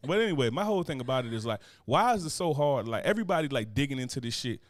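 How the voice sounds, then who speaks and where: A man's voice: medium pitch, very fast, no room sound. Guy cohosting a chill podcast, cussing and joking, dry close mic. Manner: profane, animated, joking, reads chat aloud. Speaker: podcast co-host. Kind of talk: casual chat.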